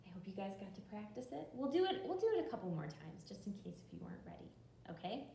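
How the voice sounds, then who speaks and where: A woman's voice: medium pitch, big pitch swings, creaky, slight background noise. Distant, echoey librarian woman leading songs. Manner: slow, bright and encouraging, talks to children at home. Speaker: children's librarian. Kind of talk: children's storytime with action songs. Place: library room. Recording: roomy echo from a distant camera.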